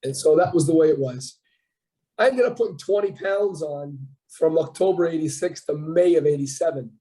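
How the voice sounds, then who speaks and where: Animated Canadian man telling a story. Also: on the high side, moderate pace, low-quality recording. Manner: animated storyteller acting out quoted dialogue. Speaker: podcast guest, bodybuilder. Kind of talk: casual storytelling interview.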